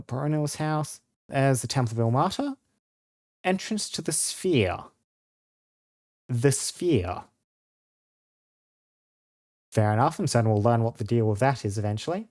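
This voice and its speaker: A man's voice: medium pitch, expressive, normal speed, long pauses, a little mellow. A man commenting wryly on a video game as he plays, often reading the dialogue aloud. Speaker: gaming streamer. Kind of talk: let's-play commentary.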